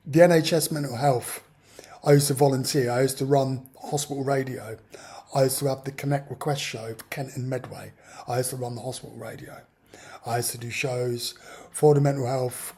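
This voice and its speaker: A man's voice: medium pitch, warm tone, husky. A man telling a personal story in an exasperated, ranting way. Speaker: vlogger. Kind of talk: personal account monologue.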